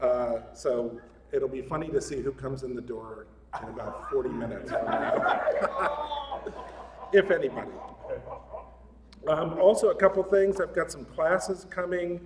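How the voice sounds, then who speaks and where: A man's voice: mid-range voice, lively intonation, unhurried, darkish tone. A man giving a casual, joking sermon at a spiritual center, chatty and often laughing. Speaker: guest speaker at a spiritual center. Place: large hall of a spiritual center. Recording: echoey hall, mic at a distance, faint room noise.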